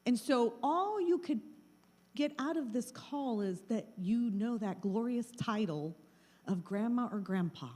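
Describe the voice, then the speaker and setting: A woman's voice: fairly high pitch, animated, measured pace, darkish tone. Woman warning an audience about scams. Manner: plain, repetitive warnings, acts out scam calls. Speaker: presenter of a scam-awareness talk. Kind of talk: live talk to a small audience. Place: meeting room with an audience. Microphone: handheld mic.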